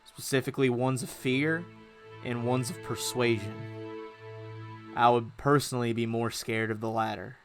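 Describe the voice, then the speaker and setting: A man's voice: medium pitch, normal speed. Casual male game master, easygoing, laughs a lot, light music underneath. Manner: laughs often, casual and relaxed. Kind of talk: running a tabletop game.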